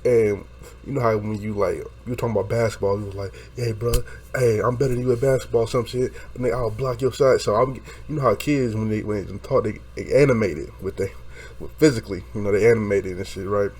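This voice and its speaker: A young man casually telling a story, animated and profane, acting out quotes and laughing along the way. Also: fairly low pitch, brisk.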